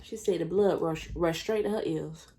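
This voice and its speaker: A woman casually telling a story while eating on camera, chatty and animated, calling the listener honey. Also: low-pitched, normal speed, a little hiss or hum. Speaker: mukbang storyteller.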